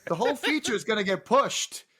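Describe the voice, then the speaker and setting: Animated man telling a story. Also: sits high, fairly quick, slightly rough. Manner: animated storyteller, many restarts, acts out quotes. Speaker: guest actor. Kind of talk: casual anecdote telling.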